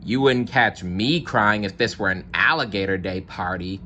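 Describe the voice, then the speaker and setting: A man's voice: fairly low pitch, normal speed, pushed and bright, a little hiss or hum. A man voicing a grumpy alligator in a read-aloud storybook, grumbling and blaming others in a raised voice. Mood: indignant. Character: grumpy complaining alligator at a party.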